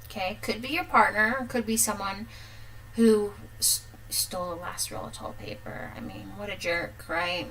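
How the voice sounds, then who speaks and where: A woman's voice: medium pitch, animated, moderate pace, fairly bright tone, a little hiss or hum, low-quality recording. A woman in her thirties giving a casual, chatty tarot reading and laughing often. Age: 30s. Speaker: tarot reader.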